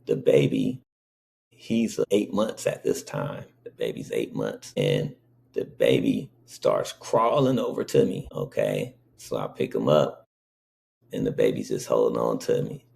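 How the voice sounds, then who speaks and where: A man's voice: very deep voice, sing-song, unhurried, gravelly, darkish tone. A man casually telling a personal story in a rambling way, often checking in with the listener. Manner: rambling, frequently checks in with "okay?".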